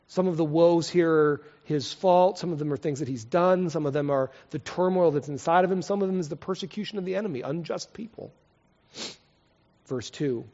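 A man preaching a sermon, reading scripture with passion and then leading a quiet prayer. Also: fairly high pitch, a little fast. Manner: impassioned, swings from loud dramatic reading to soft prayer. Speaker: pastor. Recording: lo-fi recording with long hall reverb.

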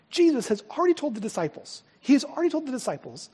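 Male pastor, high husky voice, emphatic preacher who swings from loud to hushed, long hall reverb. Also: big pitch swings, fast, few pauses. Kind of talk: sermon.

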